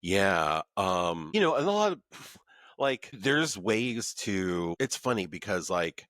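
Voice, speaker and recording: A man's voice: low-pitched, sing-song, slow pace, a bit bright, no echo. A man hosting a podcast over a remote recording, chatting enthusiastically and often saying "like" and "man". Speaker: podcast host. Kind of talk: casual interview chat.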